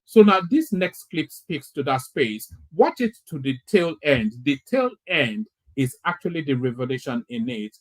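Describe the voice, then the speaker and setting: A man's voice: mid-range voice, animated, normal speed, hardly any pauses. A man with a mid-range voice hosts a live commentary show. He talks in bursts, stumbling and repeating words as he introduces each clip and gives his reactions. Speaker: commentator host.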